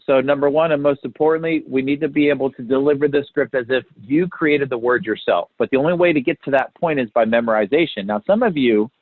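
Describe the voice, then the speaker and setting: A man's voice: mid-range voice, dry recording. A man coaching appointment setters through a call script, often checking in with his listeners. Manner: talks to trainees, checks in with "right?" and "okay?". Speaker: sales call trainer. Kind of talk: recorded training talk. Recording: tinny phone-like dry recording.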